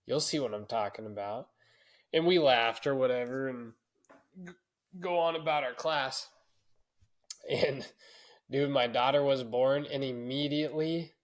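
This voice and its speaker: A man's voice: medium pitch, unhurried. A man in his thirties co-hosting a podcast, telling a story in a loose, swearing, laughing way. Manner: profane, storytelling, laughs often. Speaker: podcast co-host. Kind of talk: casual podcast chat.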